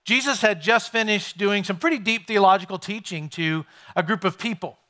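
A male pastor delivers a sermon with a raised, ringing voice. He talks to the congregation as if chatting with them, tossing out questions along the way. His tone stays bright and clear. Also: sits high, normal speed. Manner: conversational, asks the congregation questions.

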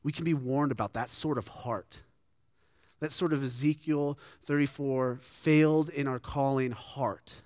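A man's voice: medium pitch, steady tone, unhurried, darkish tone, no room sound, studio quality. A man preaching a sermon in an earnest, conversational way, often restarting his sentences. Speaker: pastor.

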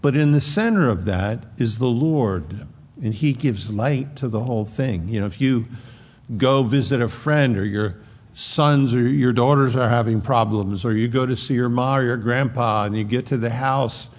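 A man preaching a sermon in a conversational, rambling way, with dramatic drops into soft, low tones. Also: moderate pace.

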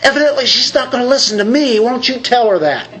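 A man's voice: very high-pitched, lively intonation, fast, a bit bright, voice pushed up, poor audio. A man preacher voicing a frustrated woman who complains that she is left alone with the work in the kitchen. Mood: complaining. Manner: exasperated, pleading complaints.

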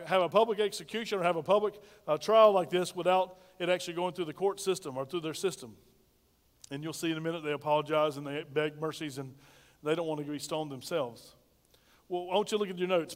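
A man's voice: high voice, long reverb tail. A male pastor preaching a sermon, calling on the congregation to repeat lines after him. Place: church sanctuary.

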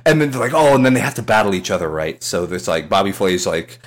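A man chatting casually on a podcast, his voice leaping up and down in pitch as he acts out a story. He swears freely and slips into quick impressions of the people he describes, often breaking into laughter. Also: very animated.

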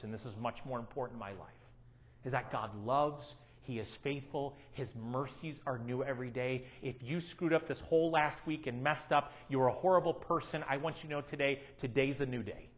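A man preaching a sermon, swinging from hushed, quiet lines to loud, emphatic ones. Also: medium pitch, normal speed, muffled recording.

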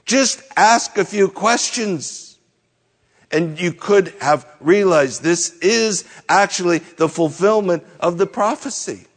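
Slow-speaking male pastor in a reverberant hall. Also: high voice. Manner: explains verse by verse, rhetorical questions. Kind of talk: expository sermon.

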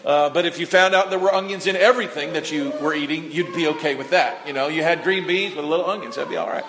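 Folksy preacher in a reverberant church. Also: male voice, fairly high pitch, quick pace, hardly any pauses, a bit bright. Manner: folksy, conversational preaching with audience call-and-response. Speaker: pastor. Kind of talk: sermon. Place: church sanctuary. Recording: long reverb of a church hall.

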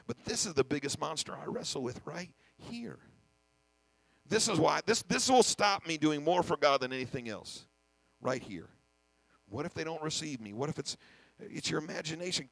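Gravelly pastor preaching with fervor. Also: male voice, a little high, a bit bright, dry recording, poor audio. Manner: emphatic, repeats words and restarts, acts out his own inner voices. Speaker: senior pastor. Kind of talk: sermon.

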